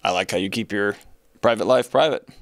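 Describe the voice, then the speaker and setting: A man's voice: on the low side, fairly quick, vocal fry, dry recording. A man hosting his own podcast in a studio, chatting casually and energetically with rambling, joking asides. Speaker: podcast host. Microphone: studio mic with earphones.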